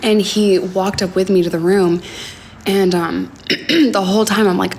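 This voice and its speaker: A young woman telling a personal story on a livestream from home, talking in a halting, hesitant way with many fillers and sometimes dropping to a near whisper. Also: medium pitch, level tone, slight background noise. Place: home, indoors. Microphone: phone livestream.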